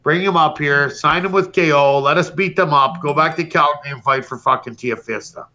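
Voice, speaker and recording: A man's voice: fairly high pitch, a little fast, pushed and bright, highs cut off. A man hosting a podcast, delivering a brash, profane comedic roast rant. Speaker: podcast host.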